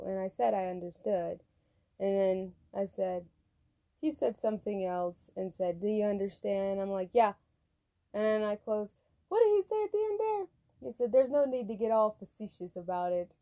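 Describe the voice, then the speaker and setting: A woman's voice: medium pitch, mellow. A woman hosting a podcast, telling a workplace story as an exasperated rant full of swearing. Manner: profane, exasperated, heavy swearing. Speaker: podcast host.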